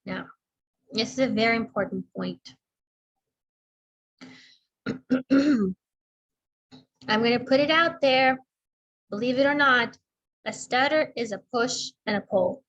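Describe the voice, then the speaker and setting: A middle-aged woman speech therapist giving a slow, deliberate instructional talk, demonstrating intonation as she explains. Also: a little high, a bit bright, muffled recording.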